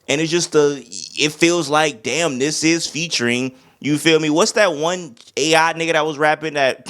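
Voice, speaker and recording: A young man giving a casual, slang-heavy album review, often breaking into humming and rapper imitations. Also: on the high side. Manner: animated, slangy, hums beats and imitates rappers. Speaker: music reviewer.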